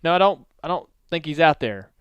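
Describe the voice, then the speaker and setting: Smooth-voiced man telling podcast stories. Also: fairly high pitch, a little fast, dry recording, highs cut off. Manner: relaxed, rambling storyteller. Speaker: podcast host. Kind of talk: casual podcast storytelling.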